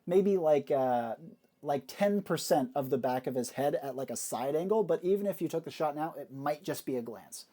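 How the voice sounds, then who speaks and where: A man running a tabletop game, describing the action in a fairly high voice. He narrates the scene at length, often pausing on small fillers as he thinks. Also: expressive, dark tone. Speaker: game master.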